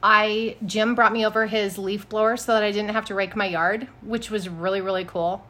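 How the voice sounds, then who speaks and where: A woman in her thirties co-hosting a casual podcast chat, telling lively stories and acting out what people said. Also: medium pitch, moderate pace. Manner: animated storyteller, acts out quotes. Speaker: podcast co-host.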